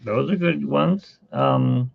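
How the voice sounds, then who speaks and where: A man talks slowly and casually while he works on a drawing, rambling from one aside to the next. His voice is gravelly and husky. The sound is tinny and phone-like and dry. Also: mid-range voice, no room sound. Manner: rambling, chatty, with fillers and asides. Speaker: artist hosting a live art stream.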